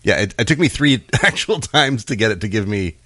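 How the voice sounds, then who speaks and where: A man's voice: fairly low pitch, animated, fairly quick, pushed and bright, no room sound. A middle-aged man co-hosting a casual podcast chat, dry and sarcastic, laughing often. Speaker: podcast co-host.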